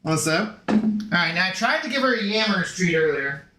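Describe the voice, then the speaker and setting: Man, casual stream chat, playful and chatty, bright higher voice, faint music behind. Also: lively intonation, moderate pace. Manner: playful, chatty, talks to his dog and chat. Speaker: game streamer.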